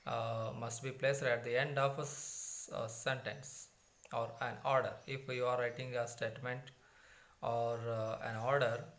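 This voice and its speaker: A man's voice: medium pitch, fairly bright tone. Indian man teaching English grammar. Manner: repeats and rephrases points, many fillers and restarts. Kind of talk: grammar lesson explaining from a textbook.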